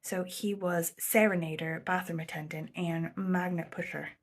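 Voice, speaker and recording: A woman vlogger talks straight to camera, rambling through a story in loose, casual chat. Her voice is slightly low and husky, packed with "like" and "um." Now and then she sinks to a near whisper. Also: fairly even intonation, normal speed. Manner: rambling, chatty, full of 'like' and 'um', slips into quoted voices; drops to a near whisper at times.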